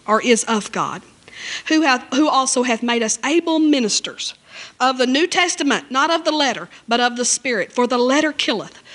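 High-voiced woman preaching with fervor. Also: bright, forceful tone. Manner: emotional, fervent, with frequent amens and hallelujahs. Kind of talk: sermon. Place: church.

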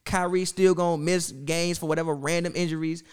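A man's voice: fairly high pitch, steady tone, a little fast, smooth. A young man co-hosting a casual sports debate, insistent and repeating his points over the others. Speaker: co-host.

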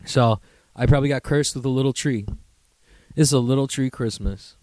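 A young man hosting a casual solo podcast, telling stories with high-pitched impressions and sudden squeaky outbursts. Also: moderate pace, dark tone. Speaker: podcast host.

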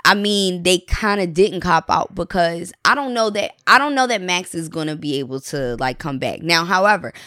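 A woman chatting casually as a podcast guest, expressive and enthusiastic. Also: on the low side, normal speed, few pauses, dry recording, clean studio sound.

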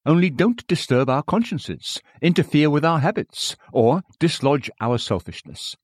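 A man's voice: a little high, animated, measured pace, dry recording, studio quality, voice pushed up. A man voicing a stubborn male sinner who accepts the creed but refuses to give up his sin, in a read-aloud sermon. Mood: defiant. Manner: defiant, self-excusing.

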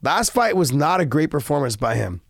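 A man's voice: fairly high pitch, sing-song, brisk, gravelly, slightly rough, dry recording, studio quality. A man co-hosting a casual talk show, eager and stumbling over restarts. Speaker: co-host. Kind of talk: casual podcast chat.

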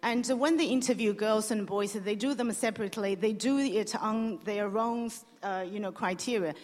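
Halting woman panelist in an echoey hall. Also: mid-range voice, darkish tone. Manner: halting, many restarts and fillers. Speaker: panelist and show expert. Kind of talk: panel discussion.

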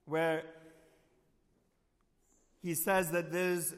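Slow-spoken priest in an echoing church. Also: male voice. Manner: slow and reflective, dropping soft and low on key lines. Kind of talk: homily.

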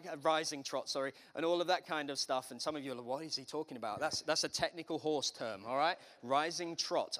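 A man's voice: a little high, a bit bright. A man preaching a sermon as pastor, in a conversational way with humorous asides.

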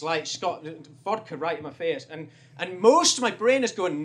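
A man's voice: high voice, animated, moderate pace, few pauses, a little hiss or hum. Young man telling a candid story. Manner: candid, rambling, sliding quieter as the story turns sad. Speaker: stand-up comedian. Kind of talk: confessional storytelling stand-up. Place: comedy stage.

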